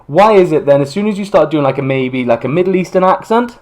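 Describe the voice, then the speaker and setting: British man, podcast co-host, casual rambling chat, a touch high-pitched. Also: lively intonation, a little mellow. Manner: chatty, rambling, quick asides.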